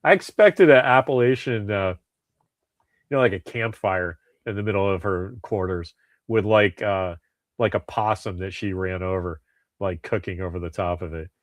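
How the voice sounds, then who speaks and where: Low-pitched and speaking at normal speed, a man co-hosts a podcast in clean studio sound with no room sound. The talk is casual and rambling, with plenty of swearing and restarts.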